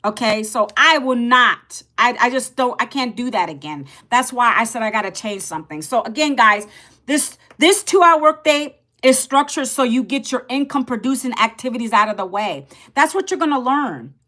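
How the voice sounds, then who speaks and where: A woman in her fifties talking casually to camera as an online business coach, chatty, repeating herself and calling viewers "guys". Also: moderate pace. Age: 50s. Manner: lively, pitch jumps up and drops low.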